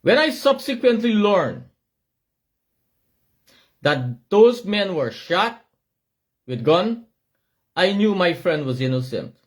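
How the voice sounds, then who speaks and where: A middle-aged Guyanese man with a Guyanese accent, giving an impassioned, shouting monologue with emphatic repetition. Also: sits high, very animated, slow, pauses often.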